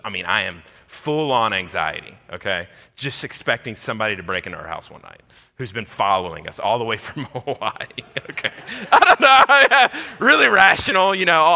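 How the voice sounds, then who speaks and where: Animated man telling a story. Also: on the low side. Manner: animated, acts out voices, swings loud and quiet. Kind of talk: comic personal story. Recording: long hall reverb.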